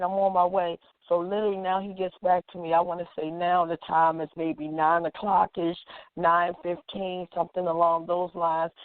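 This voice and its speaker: A woman's voice: on the low side, dry recording. Woman telling a story over a tinny line. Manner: acts out quoted dialogue as she talks. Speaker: activist guest. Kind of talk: emotional personal storytelling. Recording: tinny phone-like line, dry.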